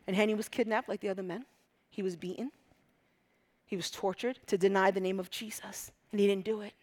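A woman from Egypt preaching a sermon with passion, dropping to hushed whispers and rising to loud emphatic peaks. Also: medium pitch, steady tone, quick pace.

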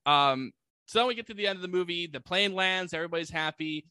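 A man's voice: high voice, fast talker, pushed and bright, smooth, no echo. A man co-hosting a casual podcast, animatedly retelling a movie plot and acting out quoted lines. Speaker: podcast co-host. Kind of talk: casual movie recap chat.

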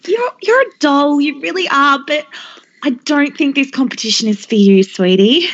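A woman's voice: high voice, lively intonation, moderate pace, lo-fi sound, voice pushed up. A woman voicing a sweet, condescending female talent show judge. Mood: gently patronizing.

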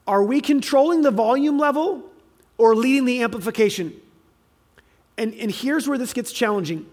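Man preaching, very high voice, emphatic, loud then soft, restarts often. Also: animated, moderate pace. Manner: emphatic preaching, rises and drops in volume, with fillers and restarts. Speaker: pastor. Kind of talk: sermon.

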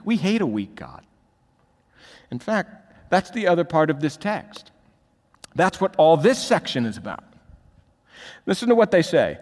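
A man preaching a sermon as pastor, swinging between quiet asides and loud emphatic peaks in a large church hall. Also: a little high, big pitch swings, moderate pace, pauses often. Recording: long reverb of a large hall.

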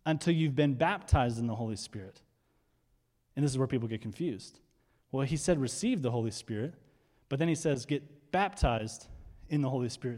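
Fired-up male pastor in a reverberant hall. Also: a little high. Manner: energetic, fired up, quick asides. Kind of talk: sermon.

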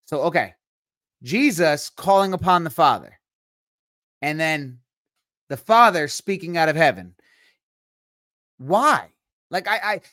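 A male podcast co-host reading Bible verses aloud slowly, then explaining them in quick casual asides. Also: a little high, animated, fairly bright tone, dry recording, clean studio sound. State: tired, yawning.

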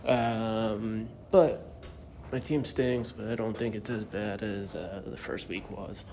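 Guy calling in, keeping it quiet, slow and gravelly, faint room noise. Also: on the low side, steady tone. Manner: hushed, hurried. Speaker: caller. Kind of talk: casual chat.

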